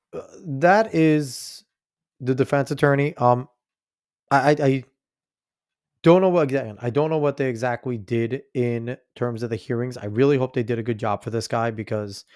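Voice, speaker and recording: A man's voice: medium pitch, measured pace, a little mellow. Blunt, profane male podcast host. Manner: blunt and profane, talks straight to listeners. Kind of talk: casual commentary on a played clip.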